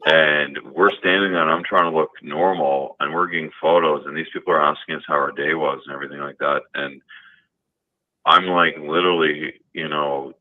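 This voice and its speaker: A man's voice: very deep voice, steady tone, normal speed. A man calling in to a talk show, telling a personal story in a rambling way, full of fillers and restarts. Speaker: caller. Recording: tinny phone line.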